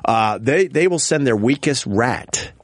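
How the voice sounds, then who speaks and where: Male talk host, mid pitch, loose rambling delivery with swearing and stammers, dry studio sound. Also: expressive, a little slow, no echo. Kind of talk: casual chat.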